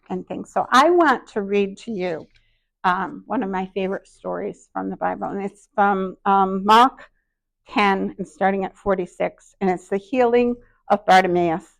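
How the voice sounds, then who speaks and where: A middle-aged woman giving a workshop talk, telling personal stories in a self-deprecating, anecdotal way. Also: mid-range voice. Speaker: workshop speaker.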